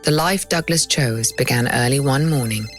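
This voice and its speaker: A woman host giving measured, wry scripted narration. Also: extremely low pitch, soft background music.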